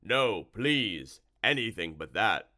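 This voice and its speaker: Man putting on a slimy cowardly swamp monster, slow wobbly drawl, shrill when spooked, low-pitched underneath, storybook reading. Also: big pitch swings, bright, forceful tone, full character voice. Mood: squeamish.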